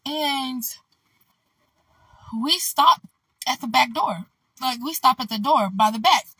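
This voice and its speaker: Bright-voiced woman rambling through a story. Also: high-pitched, animated, takes it slowly, husky, dry recording, far from the mic, rough recording. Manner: rambling, loose and candid, heavy on "like" and "you know". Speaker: vlogger. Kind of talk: casual storytime vlog.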